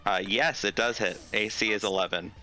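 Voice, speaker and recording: A man's voice: fairly low pitch, brisk, sharp tone. A man running a tabletop game as dungeon master, patiently explaining rules step by step.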